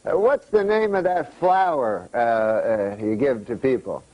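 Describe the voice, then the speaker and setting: A man's voice: medium pitch, expressive, darkish tone, voice pushed down, close to an everyday voice, rough recording. A man voicing a forgetful old uncle who rambles and keeps losing his words. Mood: muddled. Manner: halting, searching for words.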